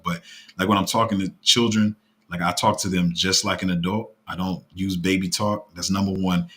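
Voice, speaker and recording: Low-voiced man talking flat and steady. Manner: talks in a fairly flat, even tone; rambling, with many fillers and restarts. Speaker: crypto streamer running a paid group. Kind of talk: casual live-stream talk.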